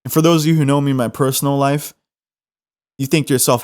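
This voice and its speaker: A young man hosting a podcast, telling a funny story in an animated, self-mocking way. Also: medium pitch, fast. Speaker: podcast host. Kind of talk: comedic storytelling.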